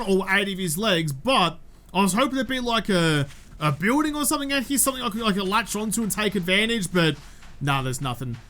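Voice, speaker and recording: A man's voice: sits high, noisy background. A young Australian man giving chatty let's-play commentary, talking to the game's characters and jumping between topics. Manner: chatty, jumpy, talks to game characters. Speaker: gaming YouTuber.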